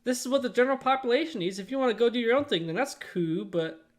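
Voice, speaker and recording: A man's voice: very high voice, fast. A man co-hosting a podcast in casual chat, talking in a profane, rambling and argumentative way. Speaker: podcast co-host.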